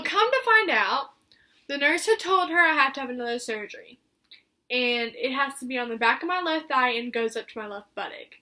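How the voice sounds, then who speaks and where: A woman's voice: sits high, pushed and bright. A woman vlogger telling a personal story in a chatty way, filling her talk with "like". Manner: chatty, heavy use of "like" fillers.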